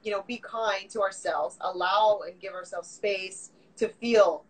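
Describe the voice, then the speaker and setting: A woman's voice: medium pitch, steady tone, measured pace, poor audio. A woman from Canada hosting a livestream chat show, talking casually and laughing often on a video call. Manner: chatty and laughing, with many "like"s. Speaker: host.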